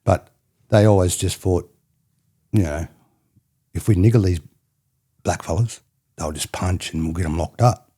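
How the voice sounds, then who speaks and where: A man's voice: sits low, measured pace, long pauses, dark tone. An Australian man telling stories as a podcast guest, rambling and repeating himself, often checking in with "you know what I mean". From New South Wales, Australia. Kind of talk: storytelling interview.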